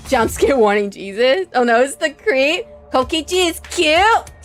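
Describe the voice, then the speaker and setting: Streaming a visual novel, a woman reads the lines aloud in a high voice and chats dramatically with her viewers. She's animated, speaking at normal speed with few pauses, while faint game music plays behind her.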